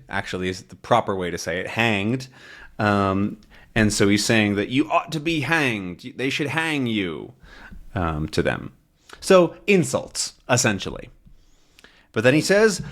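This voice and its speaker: A man hosting a lesson, reading a comic with beginner English learners and explaining words slowly and plainly. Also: fairly low pitch, lively intonation, fairly bright tone. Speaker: English teacher, channel host.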